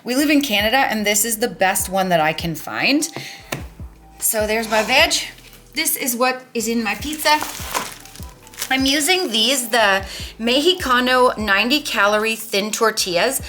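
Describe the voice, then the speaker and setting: A woman's voice: fairly high pitch, lively intonation, unhurried, bright, forceful tone, faint music behind. A woman in her thirties hosting a casual food vlog, chatty and upbeat as she walks through her meals. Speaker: vlog host.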